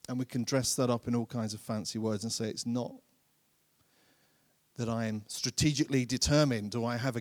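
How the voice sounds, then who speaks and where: Earnest preaching man, slightly high voice. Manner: earnest preaching, repeats phrases for emphasis; slows and drops his voice to stress key lines. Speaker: pastor. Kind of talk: sermon.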